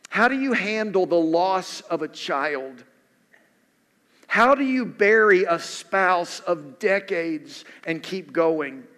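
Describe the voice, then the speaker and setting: A man's voice: high voice, a bit bright. A male pastor preaching a sermon in an earnest way, repeating questions for emphasis. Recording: echoey hall.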